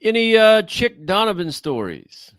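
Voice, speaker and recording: A man's voice: sits high, sing-song, a little slow, fairly bright tone, no room sound, clean studio sound. A man co-hosting a casual chat, reading viewer questions and thinking aloud hesitantly with many fillers. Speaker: co-host.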